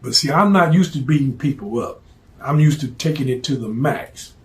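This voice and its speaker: A man's voice: medium pitch, expressive, normal speed, darkish tone. A man telling a story from his past in a blunt, profane, streetwise way.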